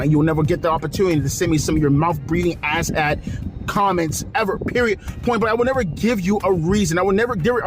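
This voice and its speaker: A man hosting a video, ranting with exasperation and profanity and repeating himself. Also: sits high. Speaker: wrestling commentary video host. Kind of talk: angry rant vlog.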